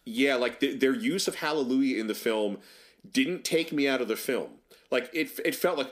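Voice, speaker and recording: Opinionated man in casual film chat. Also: moderate pace. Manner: animated, opinionated, jumps up in pitch for sarcastic asides. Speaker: podcast co-host.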